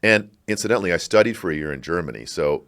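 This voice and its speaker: Low-voiced man, reflective and halting. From Chicago, United States. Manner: reflective, halting, animated bursts. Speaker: guest, scholar and university provost. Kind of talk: conversational podcast interview.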